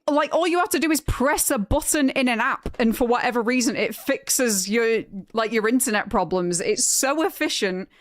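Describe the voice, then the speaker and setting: A young woman streaming games, chatting casually with her viewers, frank and quick to laugh. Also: on the high side, no room sound, clean studio sound. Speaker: game streamer. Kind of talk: casual chat with live chat.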